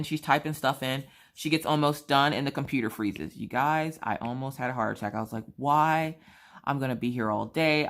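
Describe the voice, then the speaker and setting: A woman with a sore throat, chatting casually as she tells a story and acts out the other people in it. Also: extremely low pitch. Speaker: vlogger.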